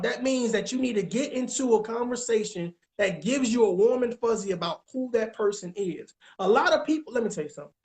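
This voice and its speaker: A man's voice: very high voice, expressive, brisk, hardly any pauses, darkish tone. A man coaching on relationships in casual chat, emphatic and repetitive, often checking that listeners follow. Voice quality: emphatic, repeats phrases, keeps asking if you understand. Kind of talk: casual advice talk.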